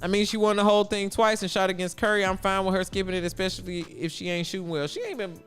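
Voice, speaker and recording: A man's voice: high voice, fairly even intonation, fast, fairly bright tone, faint music behind. A man from Chicago hosting a casual sports livestream, chatty and answering his viewers' chat aloud. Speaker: livestream host.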